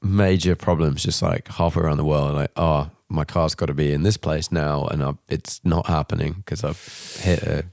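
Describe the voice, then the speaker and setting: Deep gravelly English podcast host. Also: male voice, fairly even intonation, normal speed, few pauses, darkish tone, no room sound, clean studio sound. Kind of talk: casual chat.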